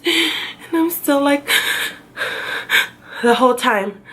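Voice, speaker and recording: Slow, gravelly-voiced woman telling a story. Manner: chatty, self-mocking, acts out her own past crying in a high wail. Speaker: vlogger. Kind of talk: casual story time.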